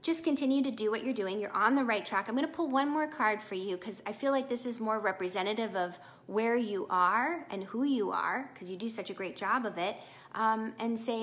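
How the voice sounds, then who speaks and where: This is a brisk, fairly high-pitched woman, middle-aged, giving viewers a casual live tarot reading. She chats away warmly, encourages them, and gets animated with laughs.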